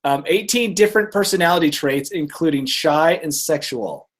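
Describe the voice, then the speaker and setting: A man's voice: fairly high pitch, normal speed, a bit bright. A man co-hosting a casual comedy podcast, telling stories and joking, often laughing at his own bits. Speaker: podcast co-host presenting stories.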